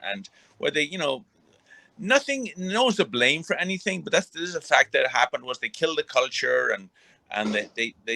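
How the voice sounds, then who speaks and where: An older man with an Irish accent talks at length in a relaxed interview. His voice is bright and forward, recorded dry and close. He rambles, repeats words and restarts his sentences. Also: mid-range voice, gravelly, dry recording. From born in England, raised in Ireland. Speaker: guest, retired boxer. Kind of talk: casual interview chat.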